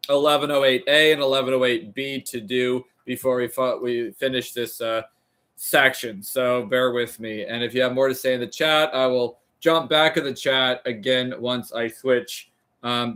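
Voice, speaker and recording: A man with an American accent reading a classic text aloud on a livestream in a careful, halting way, stopping to restart on hard words and talking casually to viewers between passages. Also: mid-range voice, fairly even intonation, bright, forceful tone, smooth.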